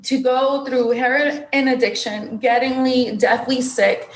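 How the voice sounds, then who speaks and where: A woman's voice: high voice, takes it slowly, reverberant. A young adult woman, a podcast guest, telling her personal story with emotion and acting out what others said. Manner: emotional, animated storyteller who acts out quotes.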